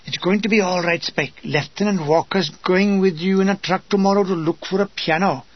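A man voicing a kindly Welsh army sergeant major with a husky voice and a reassuring manner. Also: high voice, fairly even intonation, moderate pace, no echo, muffled recording.

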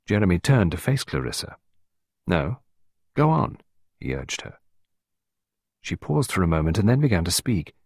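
Brief: male narrator, lowish, husky voice, lively intonation, measured storytelling. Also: dry recording, clean studio sound. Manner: measured, expressive, dips low on dialogue tags. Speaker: audiobook narrator. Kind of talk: scripted narration.

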